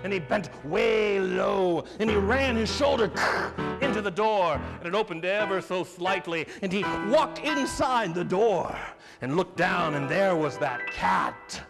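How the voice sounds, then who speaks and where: Theatrical male storyteller, high voice. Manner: animated, theatrical, with sudden loud bursts and slow drawn-out phrases. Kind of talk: live dramatic storytelling. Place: festival main stage, large hall. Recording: live hall reverb with piano accompaniment. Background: improvised piano.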